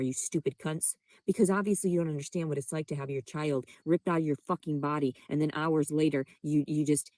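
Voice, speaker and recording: A woman's voice: low voice, a little mellow, no room sound. A woman in a played clip, ranting in fury with constant profanity and demands. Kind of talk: angry profane rant.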